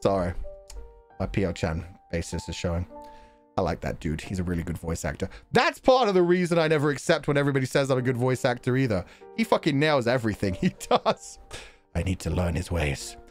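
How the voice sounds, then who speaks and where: A male streamer reads viewer donations aloud and chats casually, rambling from one idea to the next. His pitch leaps around expressively as he talks. A faint bed of music plays behind him. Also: a little fast. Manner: animated and rambling, laughs often.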